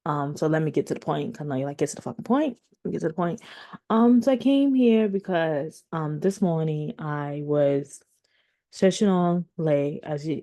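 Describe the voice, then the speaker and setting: A commentary vlogger in her 30s, this woman has a deep voice with a warm tone. She rambles casually at her viewers, restarting a lot and using many fillers.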